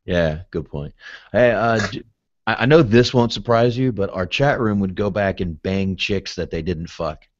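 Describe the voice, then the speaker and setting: A man's voice: fairly low pitch, moderate pace, slight background noise. A man hosting a podcast, chatting casually and jokingly, swearing freely and slipping into silly voices. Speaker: podcast host. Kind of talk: casual chat. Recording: dry dull lo-fi audio.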